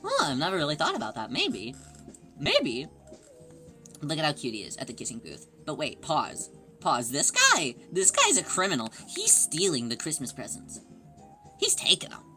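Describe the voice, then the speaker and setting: A woman livestreamer with a fairly low voice that is strikingly bright and cutting, and her pitch swings widely as she chats. She gushes excitedly and greets viewers one after another, with faint music playing underneath. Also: normal speed. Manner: excitable and gushing, greets chatters. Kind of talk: casual livestream chat with viewers.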